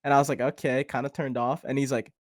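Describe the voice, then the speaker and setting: A young man co-hosting a podcast, telling a rambling, animated story full of fillers in casual chat. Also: mid-range voice, quick pace, no echo, clean studio sound. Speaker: podcast co-host.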